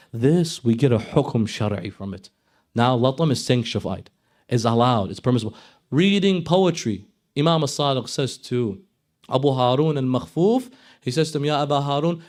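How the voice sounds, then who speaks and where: Male preacher, live mourning sermon, fervent, slips into Arabic chant, medium pitch. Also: lively intonation, moderate pace, a little mellow. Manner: impassioned, mixing Arabic recitation with English explanation. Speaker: speaker at a mourning gathering. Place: Islamic center hall, live gathering.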